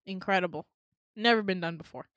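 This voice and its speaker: Telling a dream during relaxed podcast banter, this co-host animatedly performs the characters' lines, complete with swearing and laughs. Her voice is lowish and a little fast, captured at studio quality without echo.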